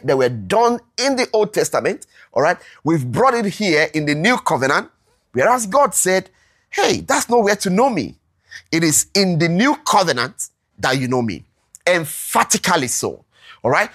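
A preacher teaching scripture to a congregation, with a voice that rises and falls freely. The verses are read slowly and deliberately, and the teaching is broken up by frequent check-ins and questions to listeners. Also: mid-range voice, a bit bright. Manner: checks in constantly with "all right?" and asks the room questions. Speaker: Bible teacher. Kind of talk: interactive Bible teaching to a congregation.

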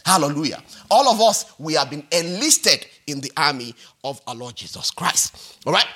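Lively husky-voiced male preacher. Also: fairly high pitch, moderate pace. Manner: animated, repetitive, peppered with "all right?" and "hallelujah". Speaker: pastor. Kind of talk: sermon.

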